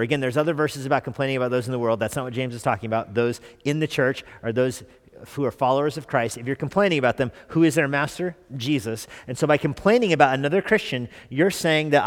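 Man preaching a conversational sermon in a reverberant church. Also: mid-range voice. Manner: conversational, asks the congregation questions. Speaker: pastor.

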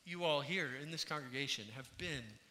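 High, bright-voiced man preaching in a hall. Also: normal speed, slight background noise. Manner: earnest preaching, swinging from hushed to emphatic. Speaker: pastor. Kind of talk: sermon. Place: church sanctuary. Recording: reverberant hall sound.

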